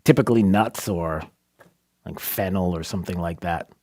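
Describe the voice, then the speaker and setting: A man's voice: deep voice, moderate pace, darkish tone. A man hosting a talk radio show, asking rhetorical questions and pressing his points with emphasis. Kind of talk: opinionated talk radio monologue and banter.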